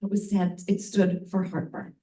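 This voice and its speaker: A woman's voice: mid-range voice, flat delivery, moderate pace, dark tone. Bawdy woman storyteller on a live stage. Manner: frank, bawdy and playful, laughing at her own lines. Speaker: storytelling performer. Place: live venue in front of an audience. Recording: roomy audience mic from a distance.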